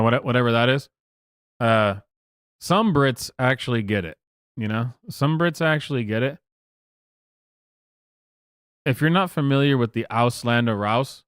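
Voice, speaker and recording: Male streamer, smooth clear voice, dry close sound, rambling, crude. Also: medium pitch, fairly bright tone, no echo. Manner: rambling, profane, hesitant with many fillers. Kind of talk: casual livestream commentary.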